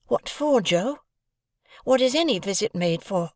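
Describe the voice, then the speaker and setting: A man's voice: high voice, lively intonation, a little slow, dry recording, clean studio sound, pitched above the performer's own voice. A man voicing an earnest, eager young male apprentice who pleads his case in a raised, youthful voice. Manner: insistent, pleading.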